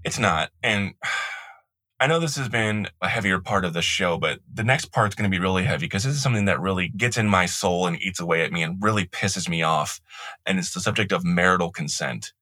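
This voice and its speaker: A man's voice: low-pitched, a little fast, bright, forceful tone, dry recording. A man co-hosting a podcast, talking frankly in casual chat. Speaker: podcast co-host.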